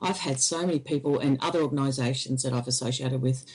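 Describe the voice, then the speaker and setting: A woman, an interview guest, recounting a personal experience in halting, hesitant speech. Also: very deep voice, a little mellow, breathy edge, poor audio.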